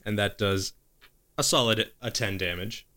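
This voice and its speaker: A man's voice: lowish voice, measured pace, bright, forceful tone. A man narrating as game master of a tabletop game, improvising the action and stopping to correct himself.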